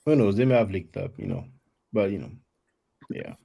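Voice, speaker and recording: A man's voice: deep voice, big pitch swings, moderate pace, vocal fry, warm tone, slightly rough. A man hosting a live stream, talking bluntly and mockingly, confronting callers. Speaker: livestream host. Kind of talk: live stream talk with guests.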